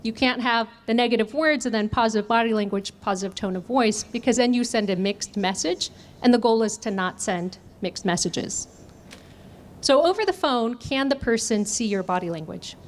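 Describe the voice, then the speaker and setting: A woman's voice: a little high, moderate pace, slight background noise. A woman trainer leading an interactive workshop, asking the audience questions and answering them. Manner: engaging, asks audience questions. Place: conference room.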